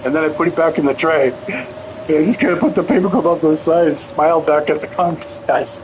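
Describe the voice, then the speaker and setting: A man's voice: on the high side, fast, background noise. Profane rambling male streamer. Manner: profane, rambling, laughing storyteller. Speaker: game streamer. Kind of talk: casual storytelling while gaming.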